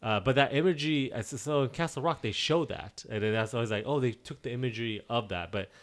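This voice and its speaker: A man's voice: medium pitch, fast. A man co-hosting a podcast. He chats casually and jokingly about a film, rambling and laughing as he goes. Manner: rambling, jokey, breaks into laughs and silly noises. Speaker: podcast co-host. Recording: faint film soundtrack playing behind.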